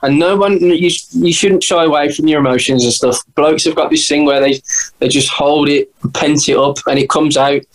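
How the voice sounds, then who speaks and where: A man's voice: fairly high pitch, poor audio. A man in a band, talking candidly in a casual interview chat and swearing freely.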